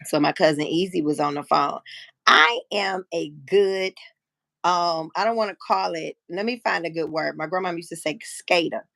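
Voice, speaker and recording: A woman in her fifties tells a personal story on her live stream, blunt and salty, acting out each side of a conversation. Her voice sits low with a gravelly edge, and the sound is close and dry with no room around it. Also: moderate pace, no echo. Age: 50s. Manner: frank, profane, animated storyteller who acts out quotes. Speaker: livestream host. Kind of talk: casual storytelling chat.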